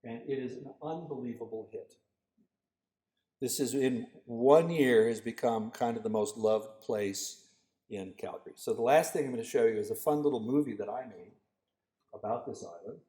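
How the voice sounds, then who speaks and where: A man giving a guest lecture, telling lively anecdotes about a park design project. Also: medium pitch, normal speed. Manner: storytelling, animated quoted voices. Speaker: guest lecturer, landscape architect. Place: lecture hall. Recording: echoey lecture hall.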